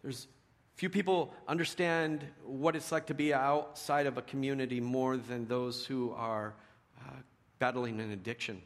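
A middle-aged man preaching a sermon in a conversational storytelling way, dropping to a hush and rising to loud emphasis. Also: mid-range voice, fairly even intonation, normal speed, hardly any pauses. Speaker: pastor.

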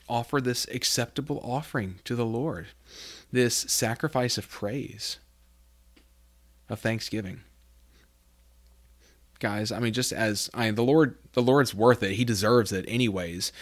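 A man hosting a devotional podcast, talking informally and reading scripture aloud with rising emphasis, often correcting himself with "I mean.". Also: mid-range voice. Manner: self-correcting, many fillers like "I mean". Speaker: podcast host teaching scripture.

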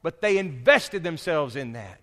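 A male preacher giving a sermon, moving between quiet, low asides and raised, emphatic points. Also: very animated, unhurried. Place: church sanctuary. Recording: long reverb of a large hall.

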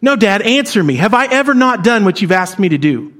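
Dude doing the older son, bitter and hurt, drawn-out slow complaining, like he's been holding it in for years and it's all coming out at once. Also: sits high, expressive. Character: resentful responsible older son, young man.

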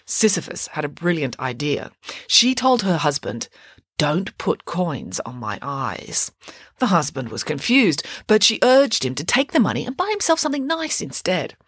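A woman's voice: on the low side, sing-song, normal speed, husky, dry recording, clean studio sound. A woman narrating a children's myth retelling with playful asides, as host of a story show.

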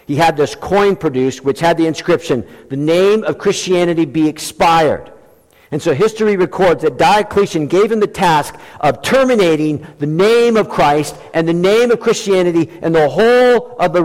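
A male pastor preaching a sermon with emphatic delivery, acting out quoted lines in animated voices. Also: sits high. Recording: long hall reverb.

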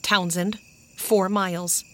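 Sensible storybook big brother, steady and reassuring, woman reader doing him. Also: medium pitch, slow pace. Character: sensible, cheerful older brother, a boy.

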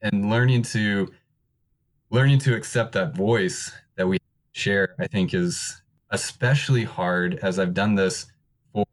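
A man's voice: fairly low pitch, unhurried. A man talking openly and earnestly in casual podcast conversation. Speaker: podcaster, co-host.

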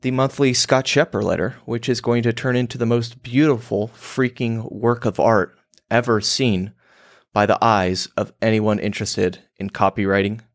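A man's voice: medium pitch, steady tone, normal speed, dry recording, studio quality. A man hosting his own show, delivering a crude, emphatic monologue on copywriting. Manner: emphatic, provocative, crude and theatrical.

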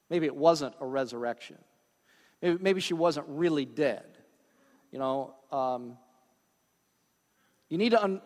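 A man's voice: on the high side, long reverb tail. A male pastor preaching a sermon in a conversational way, with frequent asides and check-ins with the congregation.

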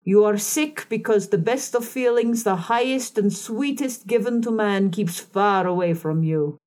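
A woman voicing a harsh, decided old female fortune teller in an audiobook reading, speaking slowly and deliberately. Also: mid-range voice, darkish tone, lightly acted. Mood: probing.

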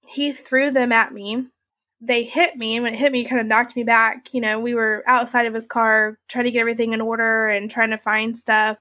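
A woman's voice: a little high, flat delivery, brisk, pushed and bright, dry recording. A woman telling her own story in a candid, conversational way, with many fillers like "like" and "you know". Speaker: interviewee sharing her story.

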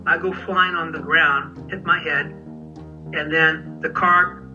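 A man's voice: on the high side, fairly even intonation, slow, sharp tone, dull audio, faint music behind. A man telling of being hit by a car, acting out what was said in a vivid way. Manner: vivid, acts out dialogue. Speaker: interviewee recounting an accident. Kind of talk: personal testimony.

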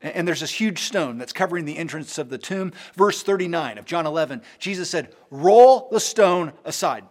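A man preaching a sermon in a conversational way, with frequent word repeats, who swings between soaring emphatic peaks and hushed lows. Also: a little fast.

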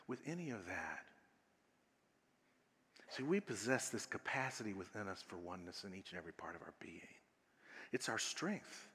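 A male minister preaches a sermon, telling stories and guiding listeners through a short exercise as he swings from loud, laughing stretches to hushed, near-whispered moments. His pitch is fairly high, and he's in a large hall.

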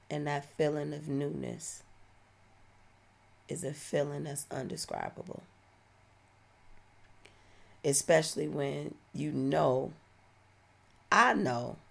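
Slow gravelly woman in her forties. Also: low voice. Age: 40s. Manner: heartfelt, slow and reflective. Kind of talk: personal testimony.

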